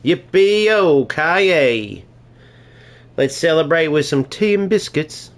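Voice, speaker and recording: A man's voice: medium pitch, unhurried, natural voice. A man putting on a hammy English bloke. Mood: jokey. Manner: says "mate" a lot, hammy. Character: put-on English bloke, chummy and twee.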